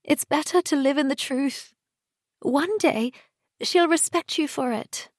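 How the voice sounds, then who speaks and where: A woman narrator voicing a heartbroken, furious young woman, her lines raised and higher than the narration, read slowly. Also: no room sound, studio quality. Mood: pleading.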